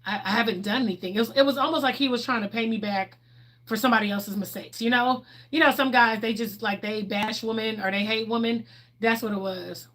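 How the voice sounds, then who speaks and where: A woman's voice: on the high side, steady tone, fairly quick, fairly bright tone. A young woman with a Southern US accent, originally from Ohio, chatting casually on a livestream in a sassy, bubbly, outspoken way. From Ohio, raised in the US South. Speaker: livestream host.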